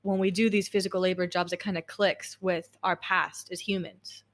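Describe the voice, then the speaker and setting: A woman's voice: fairly low pitch, level tone, normal speed. A young woman hosting a podcast interview, talking at length and drifting into side stories. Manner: warm and talkative, rambling storytelling with tangents. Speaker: podcast host. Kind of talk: casual interview conversation.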